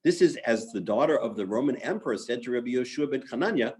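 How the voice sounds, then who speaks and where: A man's voice: mid-range voice, expressive, fast, a little mellow. A man teaching a lesson on Talmud stories in a conversational way, with filler words and restarts.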